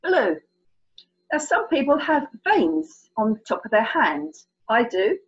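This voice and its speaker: Slow and sing-song, this fairly high, slightly breathy female voice belongs to a sign language tutor from England with a British English accent. She leads a children's lesson on colour signs, chatty, playful and full of encouragement. The recording sounds lo-fi.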